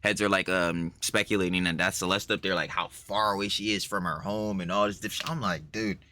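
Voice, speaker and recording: A man's voice: low-pitched, fairly even intonation, quick pace, pushed and bright, a little hiss or hum. A man streaming a reaction, talking in a rambling, profane way with lots of filler. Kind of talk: casual reaction talk.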